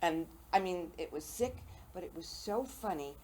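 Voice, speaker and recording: An older woman with a very low voice hosts a casual interview and spins funny personal anecdotes. There is a faint hiss behind her. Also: expressive, moderate pace, a little mellow, rough recording. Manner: storytelling, self-deprecating humor. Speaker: talk show host. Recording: faint noise, local TV studio.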